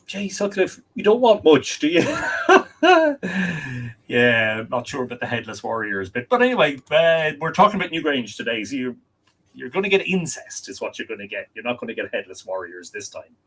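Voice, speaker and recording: Reading viewers' comments aloud and replying in a chatty way, an Irish man hosts a casual home livestream with the window open. He's very animated and a little fast, with a mid-range, fairly bright voice, and his desk mic, tweaked during the stream, gives a rough recording.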